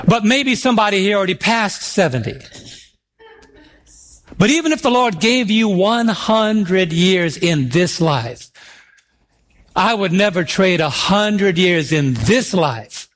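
A middle-aged man delivers a sermon in a notably high voice. He slows right down to draw out scripture verses with emphasis and prompts his listeners to respond. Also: animated, fairly bright tone. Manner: emphatic, drawn-out scripture reading; calls for audience responses. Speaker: preacher.

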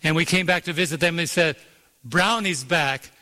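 A male preacher with a bright, forceful, somewhat high voice tells a story with strong emphasis. He stops to quiz his listeners and waits for them to call back the answer. A long reverb trails after each phrase. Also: flat delivery, rapid-fire. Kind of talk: sermon. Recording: long reverb of a large hall.

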